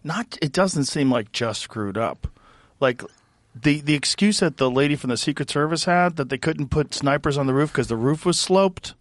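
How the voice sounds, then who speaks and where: A man's voice: fairly high pitch, animated, normal speed, no room sound. A man hosting a casual conversation, emphatic and piling up points. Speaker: host.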